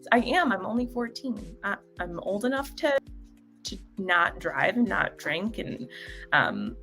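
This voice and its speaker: A woman hosting a casual live stream, greeting viewers by name and talking in a halting way, with many fillers and frequent laughter. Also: medium pitch, sing-song, gravelly, a bit bright, faint music behind.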